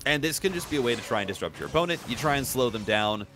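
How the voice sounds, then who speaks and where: A man's voice: mid-range voice, lively intonation, fast talker, over music. A man doing live esports commentary, chatty and analytical, often restarting his sentences. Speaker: esports caster.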